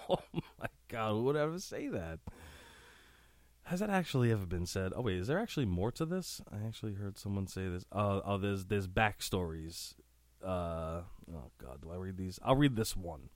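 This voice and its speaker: A man hosting a casual solo podcast, reading out lines with crude asides, sniffly and clearing his throat often. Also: deep voice, expressive, moderate pace, dry recording. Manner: crude, laughing, breaks off into asides. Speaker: podcast host.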